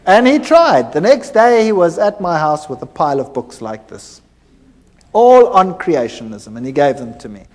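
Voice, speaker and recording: Animated man telling his testimony. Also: on the high side, moderate pace. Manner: animated storytelling, acting out dialogue. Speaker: former university lecturer giving a testimony. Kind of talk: personal testimony talk. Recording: hall reverb.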